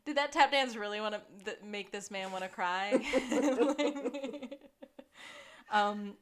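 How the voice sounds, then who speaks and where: A woman's voice: medium pitch, slow, a crowd in the background. A woman co-hosting a podcast, chatting casually about a TV episode, laughing often and going off on tangents. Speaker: podcast co-host. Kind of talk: casual recap chat.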